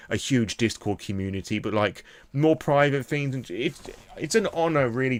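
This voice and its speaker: A man's voice: medium pitch, no echo. A young British man recapping a tabletop session as its game master, rambling enthusiastically with lots of fillers. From Britain. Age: young adult.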